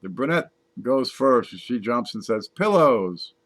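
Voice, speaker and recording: A man's voice: medium pitch, unhurried, a bit bright, no echo. Man reading dumb jokes, chuckling. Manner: reads jokes aloud, laughs at his own punchlines, wry asides. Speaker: comedy joke reader. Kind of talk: casual joke reading.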